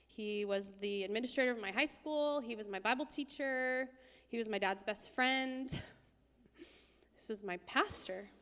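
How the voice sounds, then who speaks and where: A woman giving a sermon, telling a personal story intensely and emphatically, sometimes dropping to a hushed whisper. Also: a little high, a little slow, clean tone. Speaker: guest speaker. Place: church hall. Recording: long hall reverb.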